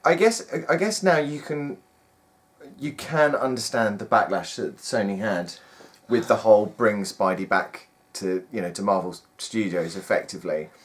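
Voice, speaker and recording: Low-voiced man laughing through a chat. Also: expressive, normal speed. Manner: laughs a lot, restarts phrases. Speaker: film review podcast co-host. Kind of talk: casual chat.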